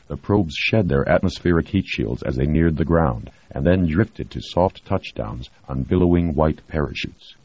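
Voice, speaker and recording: A man reading a novel aloud in a steady, measured scripted narration. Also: extremely low pitch, husky. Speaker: audiobook narrator. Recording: dry, dull lo-fi recording.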